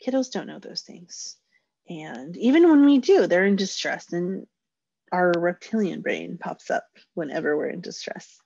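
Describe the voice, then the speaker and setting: Husky woman teaching parents. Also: lively intonation, measured pace, a little mellow, no echo. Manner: acts out parent and child lines in a higher voice. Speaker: parenting educator. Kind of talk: informal parenting workshop talk. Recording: dull lo-fi dry sound.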